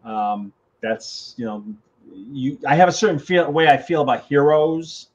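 An older male author in a casual interview, telling animated stories and acting out conversations. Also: on the high side, measured pace, breathy edge. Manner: animated, acts out quoted phone calls. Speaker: author guest. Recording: slightly dull lo-fi audio.

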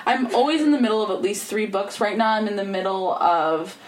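A young woman co-hosting a casual podcast chat, excitable and quick to laugh, with a bit of swearing. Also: mid-range voice. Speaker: podcast co-host. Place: room at home, recording remotely.

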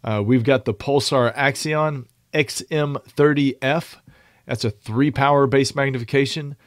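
Male podcast co-host, mid-pitched, dry close studio sound, steady methodical list reader. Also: measured pace, no room sound. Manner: reads product lists at a steady, methodical pace. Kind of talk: casual podcast chat and list reading.

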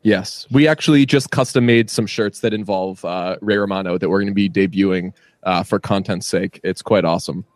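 A man's voice: deep voice, brisk, few pauses, dry recording. A man hosting a podcast, chatting casually and joking with a guest. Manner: joking, lively banter. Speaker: podcast host.

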